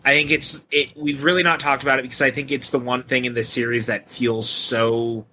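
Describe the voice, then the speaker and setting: A man trades jokes as co-host of a casual film podcast, his tone bright and forward. He swears casually and teases freely, with faint background noise under his voice. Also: mid-range voice, level tone, fairly quick. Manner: joking, swears casually, teasing.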